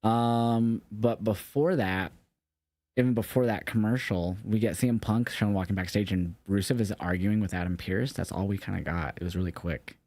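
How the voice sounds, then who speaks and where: A man's voice: fairly low pitch, normal speed, mellow, no echo. A young man casually recapping a wrestling show, rambling and swearing loosely and correcting himself as he goes. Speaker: podcast co-host.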